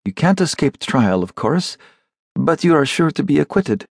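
A calm, indifferent town secretary, read by a male narrator in an audiobook. He lectures in an unhurried, dry manner, a little higher than the narration, with lively phrasing. The sound is close and dry. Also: gravelly, husky, no room sound, heavily acted. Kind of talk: audiobook character reading.

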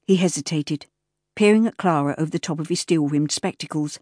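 A woman narrating an audiobook in a measured, even storytelling manner, recorded close in a studio. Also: low-pitched, no echo. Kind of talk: scripted narration. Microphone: close studio mic.

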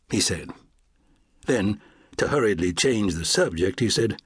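Male audiobook narrator, low and a little husky, measured western storytelling. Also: expressive, no room sound, clean studio sound. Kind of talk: scripted narration.

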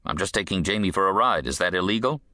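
A male audiobook narrator playing a gruff war veteran on parole, who talks in a curt, defensive, evasive way. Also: sits low, animated, quick pace, pushed and bright, dry recording, clean studio sound.

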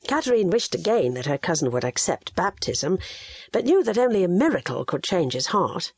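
Woman audiobook narrator, lively and husky. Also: lowish voice, normal speed, no room sound. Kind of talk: scripted narration.

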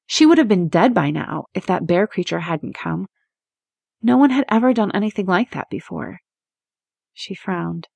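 A woman narrating a romance audiobook in a measured, expressive reading. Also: on the low side, gravelly, husky, no room sound. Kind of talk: scripted narration.

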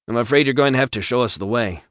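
A man's voice: medium pitch, fast, a bit bright, no echo, clean studio sound, close to an everyday voice. A man voicing a scruffy, blunt male officer in an audiobook. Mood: incredulous.

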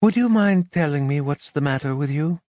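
A man's voice: a little high, animated, moderate pace, a little mellow, no echo, studio quality, voice pushed up, close to an everyday voice. A male audiobook narrator voicing an intense, impatient but caring woman, raising his voice and speaking with urgency. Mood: insistent. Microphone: close studio mic.

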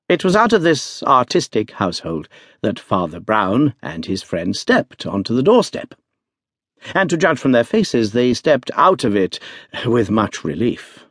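A man giving an expressive scripted narration of an audiobook. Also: medium pitch, slightly rough, dry recording, clean studio sound. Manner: expressive storytelling.

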